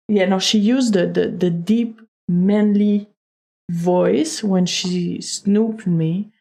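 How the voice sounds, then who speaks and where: A woman's voice: medium pitch, vocal fry, dark tone. A woman streamer giving casual, chatty commentary while playing a game, joking and laughing often. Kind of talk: casual let's-play commentary.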